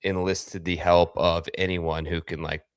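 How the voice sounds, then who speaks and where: A man's voice: sits low, little pitch movement, a little slow, clear, resonant tone, dry recording, studio quality. A man co-hosting a casual golf betting podcast, explaining his views with confident, opinionated certainty. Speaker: podcast co-host. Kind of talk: casual sports betting chat.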